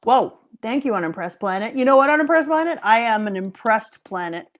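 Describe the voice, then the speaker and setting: A middle-aged woman from Canada, co-hosting a casual stream over a voice call, loud and joking and swearing freely. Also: a little high, lively intonation, brisk. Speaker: co-host and teacher. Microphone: home microphone over a voice call.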